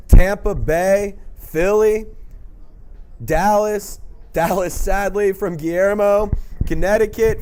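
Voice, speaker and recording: A man with a high voice reads viewer comments aloud on a live sports stream. He goes through a list of names and places at an unhurried pace. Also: a little mellow. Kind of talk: reading out the chat on a live stream.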